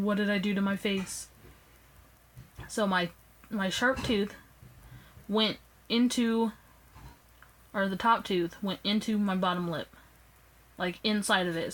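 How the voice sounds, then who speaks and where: A young woman vlogger tells a personal story directly into her phone camera, chatty and expressive. Her mid-range pitch shifts a lot from line to line, and she raises her voice to act out quoted lines. The recording quality is low.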